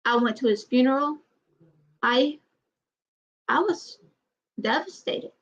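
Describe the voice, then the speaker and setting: A woman talks to the camera in a loose, halting way, with many restarts and trailing sentences. Her voice sits a little high. The recording sounds dull and lo-fi. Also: animated, a bit bright. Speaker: vlogger. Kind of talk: casual personal talk to camera.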